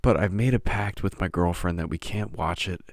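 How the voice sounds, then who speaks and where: A man's voice: sits low, normal speed, no echo, studio quality. A man hosting a podcast, rambling, profane and self-mocking. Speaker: podcast host.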